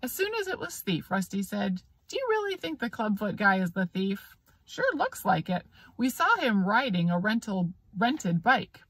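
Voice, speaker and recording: A woman's voice: mid-range voice, fairly bright tone, breathy edge, dry recording. A woman reading a children's story aloud, giving the characters light voices of their own, with occasional small slips. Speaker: audiobook reader.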